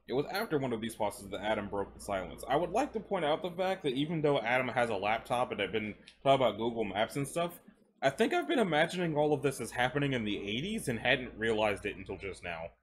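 A man's voice: mid-range voice, slight background noise. A man casually reading stories aloud while chewing gum, breaking off into chatty asides and stumbling over words. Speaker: story reader.

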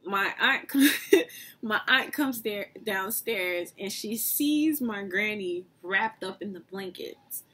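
A young woman vlogger telling a casual storytime, animated and often breaking into laughter. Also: mid-range voice, slow, slightly rough.

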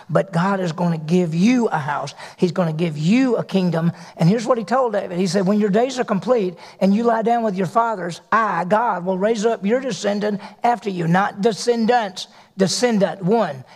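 A man preaching in a church, his voice pitched high with a gravelly edge. He tells scripture as folksy stories, acting out the quotes, and a long reverb trails his words through the hall. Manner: folksy storytelling with acted quotes. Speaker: pastor. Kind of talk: sermon.

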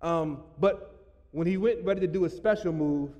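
A pastor with a slightly high voice preaches at a moderate pace in a church sanctuary, joking with his congregation and bursting into loud laughing asides. The recording has a long reverb tail and cut-off highs.

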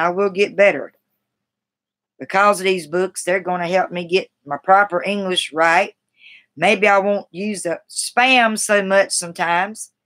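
A woman's voice: medium pitch, fairly bright tone. A woman on a live stream reads passages from a grammar book in a mid-range voice. She halts and restarts words often and breaks off to chat with viewers in a self-deprecating way. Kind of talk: reading aloud from a grammar book with asides to chat.

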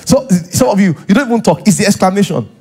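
Nigerian pastor guy preaching in church, bit husky, voice sits a little high, acts out little scenes. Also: animated, quick pace, darkish tone. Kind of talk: sermon. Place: church hall.

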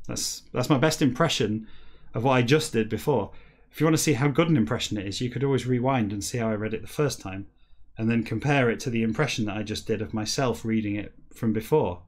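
Wry British man in his comedic podcast monologue, deadpan and rambling, mid-pitched, drawling slowly through the reading parts. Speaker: podcast host reading a novel backwards.

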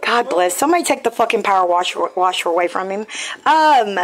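A woman's voice: mid-range voice, lively intonation, brisk, slight background noise. A woman live streaming, chatting casually with viewers in a blunt, profane, rambling way full of fillers.

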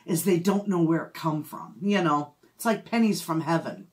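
A woman's voice: deep voice, lively intonation, moderate pace, a little mellow. A middle-aged woman, chatting casually as a homestead vlogger and telling a story with frequent laughs. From Michigan, USA. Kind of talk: casual chat.

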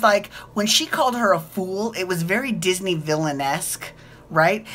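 Giggly, gushing woman with a bright voice. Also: on the low side. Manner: gushing, giggly, repeats herself. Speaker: podcast host. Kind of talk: casual chat recap.

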